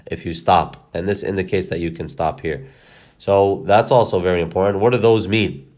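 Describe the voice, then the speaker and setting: A lower-voiced man teaching Quran recitation. He walks his viewers through each step patiently, pausing to ask "okay?" before moving on. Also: fairly even intonation, darkish tone. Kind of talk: instructional explanation with recitation. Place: recorded lesson video.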